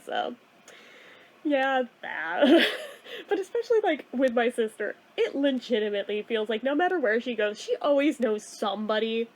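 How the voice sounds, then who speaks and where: A woman's voice: high voice, a little mellow. A woman vlogger in a casual chat, self-deprecating and giggly as she talks about her day.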